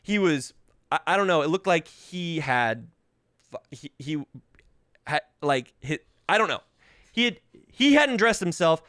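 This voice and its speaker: A man in his thirties, sick with covid and coughing, hosts a podcast and tells casual, profane comedic stories. His fairly high voice moves unhurriedly, and the studio-quality recording has no room sound. He's animated and imitates voices when quoting people.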